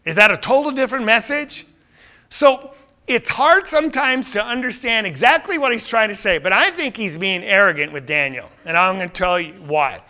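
A man's voice: high-pitched, expressive, moderate pace, bright, forceful tone. A man teaching a Bible study in a conversational way, often checking in with listeners.

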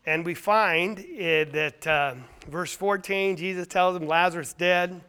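A man preaching a sermon, emphatic and full of rhetorical questions, swinging between loud stressed lines and quiet asides. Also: sits high, unhurried, clean tone.

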